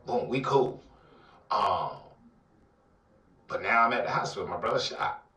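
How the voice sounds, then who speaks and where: A man with an Atlanta accent telling a dramatic personal story in an interview, acting out the voices and swinging between loud outbursts and near-whispers. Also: lowish voice, expressive, measured pace. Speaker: guest telling his life story. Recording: roomy, somewhat distant mic.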